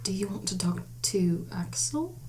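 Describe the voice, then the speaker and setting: A woman player speaking in character in a tabletop game, gently asking probing questions, often close to a whisper. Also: mid-range voice, lively intonation, measured pace. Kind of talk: in-character tabletop role-play. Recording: background noise.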